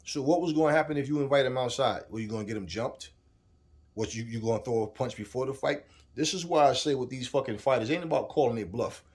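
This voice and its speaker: A man's voice: mid-range voice, quick pace, a little mellow. Heated, profane man ranting. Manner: heated, profane, repetitive, talks straight at the subject. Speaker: boxing commentator. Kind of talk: casual ranting commentary.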